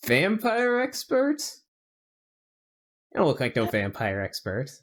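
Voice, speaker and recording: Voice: mid-range voice, huge pitch swings, unhurried. Grumpy suspicious town guard, voiced by the game master, curt, dismissive, slight drawl, tabletop game.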